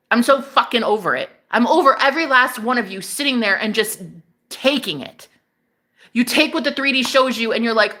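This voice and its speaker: Fiery, bright-voiced woman ranting on a livestream. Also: high-pitched, expressive, normal speed. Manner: fiery, profane, preachy rant. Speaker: spiritual livestream host.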